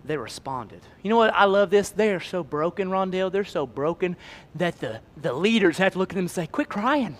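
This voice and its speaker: High-pitched pastor preaching. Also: male voice, lively intonation, fairly quick. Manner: swings between shouting and hushed near-whispers; folksy Southern phrasing, humorous asides. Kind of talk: sermon.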